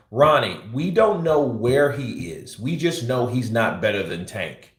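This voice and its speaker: A man's voice: mid-range voice, expressive, measured pace, few pauses, reverberant. A man hosting live boxing commentary, blunt and profane, ranting and teasing as he talks. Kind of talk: livestream commentary.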